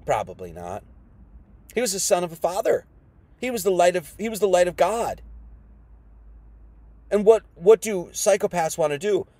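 A man's voice: sits high, very animated, normal speed, long pauses, mellow, no room sound. A man preaching an informal sermon, firing off rhetorical questions in a folksy, combative manner.

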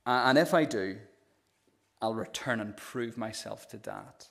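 A man's voice: mid-range voice, measured pace, creaky, fairly bright tone. A broken, remorseful younger brother, a young man pleading and stumbling over his words, as a preacher puts him on. His mid-range man's voice sounds earnest and contrite. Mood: resigned.

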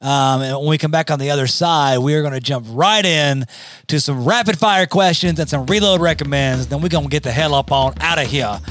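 A man with a slightly high voice co-hosts a relaxed show. He talks loosely and swears freely, and his voice sounds dry and close to the mic. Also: a little fast, no echo. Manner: loose, swears and laughs easily. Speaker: co-host. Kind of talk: casual podcast chat.

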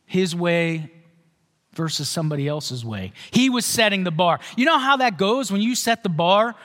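A man's voice: sits high, very animated, moderate pace, fairly bright tone, long reverb tail. A male pastor giving a sermon in a conversational way, often checking with the congregation. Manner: conversational, asks the congregation questions.

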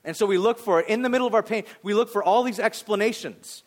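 A male pastor preaching a sermon in a casual, conversational way, acting out voices and dropping soft and low on serious points. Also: fast. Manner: conversational, animated, acts out voices, drops to a near whisper on serious points.

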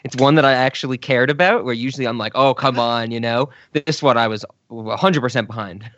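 A man's voice: mid-range voice, fast talker, a bit bright, dry recording, highs cut off. A man co-hosting a casual film podcast in an easygoing, agreeable way. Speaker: podcast co-host.

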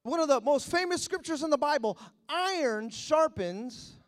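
A preacher with a notably high, lively voice delivers a sermon. He swings from near whispers to bursts of shouting, acting out little dialogues as he goes. He sounds middle-aged. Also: normal speed. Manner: preaching with sudden shouts and acted-out quotes. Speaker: pastor.

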